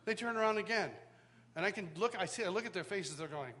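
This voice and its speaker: A man teaching at a worship school, telling a personal story in sermon style with animated, self-mocking humor, recorded live in a church hall. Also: sits high, fast. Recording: live hall reverb, faint background noise.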